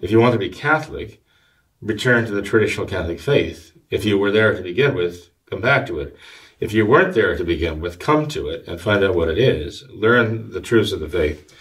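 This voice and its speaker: A man, a Catholic priest, answering listener questions in a measured, halting way with many fillers and restarts. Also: on the low side, expressive, a bit bright, recorded from a distance. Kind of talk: conversational commentary.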